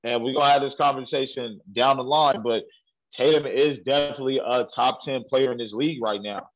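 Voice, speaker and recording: A man co-hosting a casual sports podcast, animated and ranting, quick to laugh. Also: mid-range voice, poor audio. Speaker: podcast co-host.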